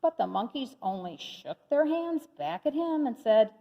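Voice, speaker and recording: A woman reading a children's picture book aloud with slow, expressive storytelling. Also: fairly high pitch. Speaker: storybook reader. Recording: long hall reverb.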